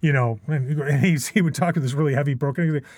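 A man's voice: fairly high pitch, quick pace, darkish tone, no echo, clean studio sound. A middle-aged man telling stories as a podcast guest. He rambles and restarts a lot, tags his sentences with questions, and swears often. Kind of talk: casual storytelling.

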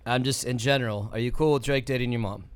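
A man's voice: medium pitch, fairly even intonation, fast, smooth, no room sound. A man hosting a podcast in casual, jokey chat, steering the segments. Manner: easygoing, jokey, leads the segments. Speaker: podcast host.

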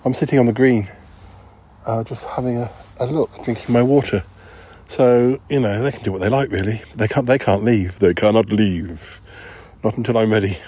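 A man's voice: lowish voice, moderate pace, warm tone, breathy edge. A man hosting a comedy podcast outdoors, out of breath and flustered, stammering and repeating himself as he walks through the woods. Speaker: podcast host.

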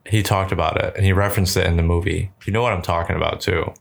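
A man with a fairly low voice co-hosting a podcast. He swears freely and trades crude jokes in relaxed, casual banter. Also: quick pace, creaky. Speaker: podcast co-host. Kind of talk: casual chat.

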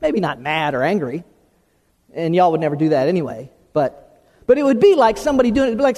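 A man preaching a sermon, emphatic, often restarting words and slowing down on key terms. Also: fairly high pitch, sing-song, darkish tone. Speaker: pastor. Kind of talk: sermon with opening prayer. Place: church sanctuary. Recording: long hall reverb.

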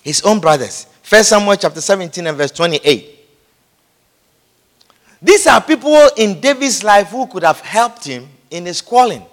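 A man's voice: high voice, sing-song, normal speed, a bit bright. A man preaching a sermon, emphatic and repeating his phrases, calling out amen, recorded in an echoey church hall.

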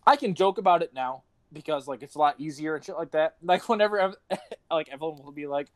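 A man's voice: a little high, fast, dry recording. A young man telling rambling stories on a casual podcast, swearing often and laughing between lines. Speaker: podcast host.

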